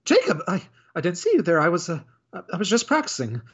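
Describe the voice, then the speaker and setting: Man in falsetto as a flustered, stammering maid. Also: huge pitch swings, quick pace, breathy edge, heavily acted. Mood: pleading. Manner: squeaky, apologetic, stammering. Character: clumsy flustered young maid. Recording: dull lo-fi audio.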